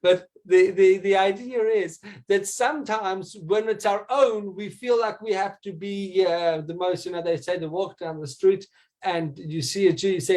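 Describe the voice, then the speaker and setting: A man's voice: high-pitched, moderate pace, darkish tone, low-quality recording. A man teaching a small group in an informal talk, often stumbling and repeating his words. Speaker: rabbi teaching a class.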